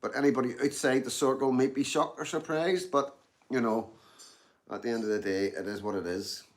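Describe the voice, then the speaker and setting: A chatty Glasgow man reads out his live-stream chat at a fairly quick pace in a medium-pitched voice. Casual and rambling, he repeats himself and says "you know what I mean" frequently, eating and drinking tea between comments.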